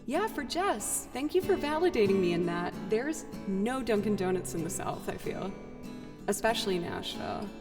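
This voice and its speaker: A woman's voice: mid-range voice, expressive, normal speed. A young woman from the Boston area with a Boston accent, chatting casually with viewers on her music livestream, full of likes and you-knows. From Boston area, USA.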